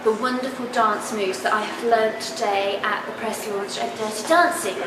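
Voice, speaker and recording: A woman's voice: fairly high pitch, fairly even intonation, normal speed, a crowd in the background. A woman reporting playfully from a press launch, jokey and bubbly, laughing often. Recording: echoey hall with loud background.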